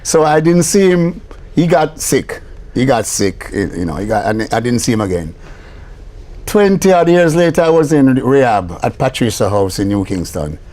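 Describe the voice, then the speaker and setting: An older man with a Jamaican accent, a record producer telling studio stories in a lively way, slipping between patois and English. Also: mid-range voice, normal speed. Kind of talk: storytelling interview talk.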